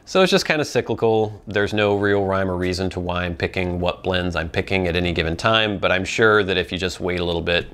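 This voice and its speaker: A young man hosting a casual viewer Q&A, thinking out loud with many ums and restarts. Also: sits low, a little fast, few pauses. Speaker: pipe tobacco channel host.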